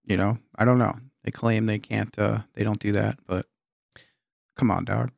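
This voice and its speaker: A man's voice: lowish voice, fairly even intonation, normal speed, gravelly, a little mellow, dry recording, clean studio sound. A man co-hosting a podcast, chiming in with laid-back comic asides. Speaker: podcast co-host. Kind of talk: casual comedic chat.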